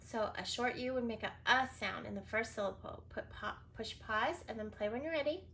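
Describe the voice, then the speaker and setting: A woman's voice: fairly high pitch, animated, moderate pace, bright, forceful tone. A woman teacher giving a recorded reading lesson for young children, sounding out words and spelling them letter by letter, with frequent praise. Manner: encouraging, praises often.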